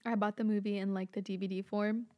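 A woman's voice: mid-range voice, flat delivery, fast talker, muffled recording. Young woman host, loose solo podcast ramble, filler-heavy, casual swearing.

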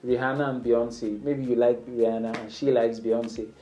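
A man's voice: flat delivery, moderate pace, warm tone, soft background music, low-quality recording. A man talking casually to the camera, giving flirting advice in an instructive way. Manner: instructive, acts out sample lines in a higher playful voice. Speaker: dating advice speaker.

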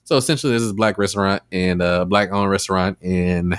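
Low-voiced guy hosting a podcast, rambly, um and like everywhere, dry close mic. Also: quick pace, clean tone, no echo. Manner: rambling with many fillers, animated retelling. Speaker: podcast host. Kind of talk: casual chat.

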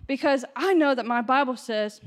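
High-voiced woman preaching, gets loud and fired up, echoey hall. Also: moderate pace. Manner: impassioned, builds to shouting. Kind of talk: sermon.

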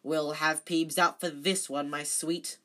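A reader voicing a furious, spluttering old male school caretaker, loud and stammering. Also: medium pitch, steady tone, unhurried, lightly acted. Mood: gleeful.

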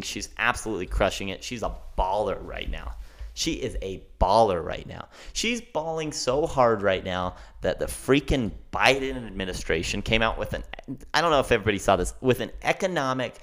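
A young man hosting a casual solo podcast, rambling and excitable, calling himself a fast talker. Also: medium pitch. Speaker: podcast host.

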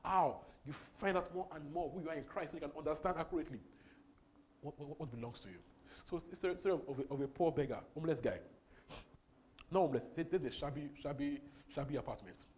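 Male preacher, fairly high voice, emphatic and repetitive, faint noise behind. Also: fast. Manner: emphatic, repeats words, swings between loud and soft. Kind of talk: sermon.

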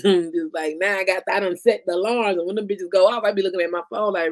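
A woman's voice: medium pitch, fairly even intonation, fast, no room sound. A woman co-hosting a podcast in loose, blunt casual chat, swearing freely and laughing often. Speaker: podcast co-host.

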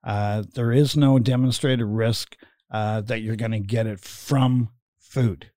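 A man's voice: fairly low pitch, fairly even intonation, slow pace, dark tone, dry recording, studio quality. A middle-aged man hosting a casual chat, rambling with many fillers and laughing as he tells stories. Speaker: podcast host.

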